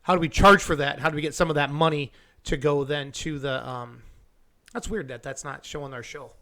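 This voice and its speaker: Man, middle-aged, casual live-stream host, excitable, goofy, slightly high voice. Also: a little fast. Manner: excitable, restarts sentences, goofy. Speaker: show host.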